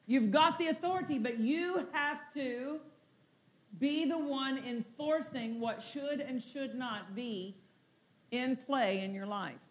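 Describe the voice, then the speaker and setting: Casting: woman preacher, high voice, emphatic and repetitive. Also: takes it slowly. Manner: repetitive, building to exultant shouts. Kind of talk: sermon.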